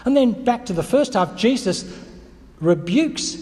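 A man with a high voice gives a thoughtful sermon, working through his points with questions to the congregation. His voice rings with the long reverb of a big hall. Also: expressive, unhurried, mellow. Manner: reflective, teacherly, with restarts and rhetorical questions. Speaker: preacher.

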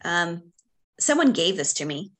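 A middle-aged woman, a podcast guest, speaking in a reflective, unhurried way, with frequent fillers and light laughter. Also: lowish voice, very animated, fairly bright tone, a little hiss or hum. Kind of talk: casual conversation.

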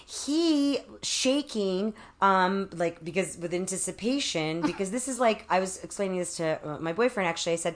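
A woman guest on an interview, telling stories in a casual, animated way, with many fillers and restarts. She acts out quotes as she talks. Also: medium pitch, normal speed, few pauses. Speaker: guest author. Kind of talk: casual conversational storytelling.

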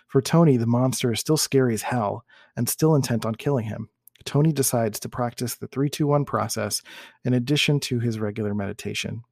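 A man hosting a teaching talk, reading a case study aloud in a measured, explanatory way and sometimes correcting himself. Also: mid-range voice, vocal fry, dark tone, dry recording, studio quality. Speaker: host and teacher.

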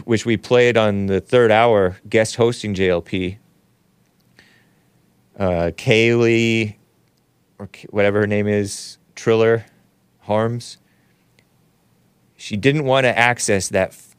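A male talk show host riffing casually on a livestream, reading chat comments, laughing often and jumping up in pitch when mock-surprised. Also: clean tone, no room sound.

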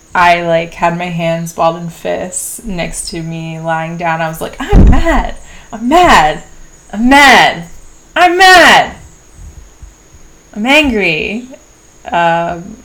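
A woman hosting a podcast, talking through a personal diary entry in a slow, introspective way with pauses and restarts. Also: lowish voice. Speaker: podcast host. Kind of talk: reflective personal diary monologue.

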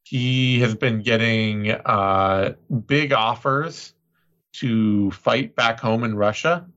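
In slightly dull lo-fi audio, a man with a mid-range, fairly bright voice talks slowly as he co-hosts a casual sports chat. He discusses fights conversationally and reads out the betting odds.

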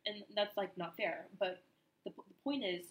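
A woman's voice: medium pitch, moderate pace. A woman co-hosting a casual chat podcast, thinking aloud hesitantly with many restarts. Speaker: podcast co-host.

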